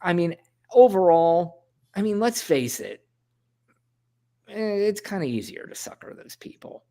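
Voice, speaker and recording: A man's voice: high-pitched, sing-song, measured pace, vocal fry, dark tone. A man co-hosting a podcast, speaking frankly and bluntly in casual chat. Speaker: podcast co-host.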